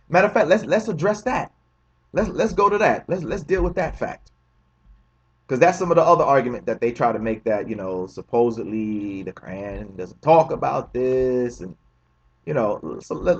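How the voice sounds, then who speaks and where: A man with a somewhat high, husky voice speaks in a casual, emphatic commentary style. He repeats words and stacks rhetorical questions, checking in with a quick "right?" as he goes. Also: a bit bright, lo-fi sound. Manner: keeps asking the listener "right?". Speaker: religious commentary host.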